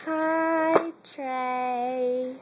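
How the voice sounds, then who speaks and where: A woman's voice: high voice, steady tone, very slow, noisy background. A woman cooing and encouraging a baby in a home video. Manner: cooing, encouraging, sing-song. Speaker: parent filming a baby.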